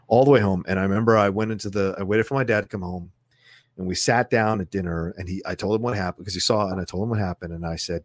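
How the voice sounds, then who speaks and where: A man who is a podcast guest, telling a personal story in a blunt, profane, animated way, recorded close to a studio mic. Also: low voice, quick pace, dry recording. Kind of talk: casual storytelling in conversation.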